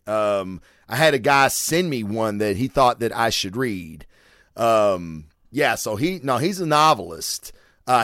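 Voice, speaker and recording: A man who hosts a comic book show reviews comics in a casual way, swearing freely and rambling with plenty of filler words. His voice sits at medium pitch with a fairly bright tone, and the recording is dry with clean studio sound.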